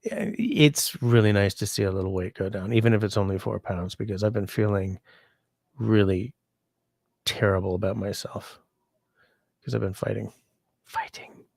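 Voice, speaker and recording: A man with a low, gravelly voice hosts a casual livestream from home while sick. He rambles easily through viewer comments. The sound is close and dry. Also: normal speed, a little mellow, dry recording. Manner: rambling, chatty, easygoing. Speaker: livestream host.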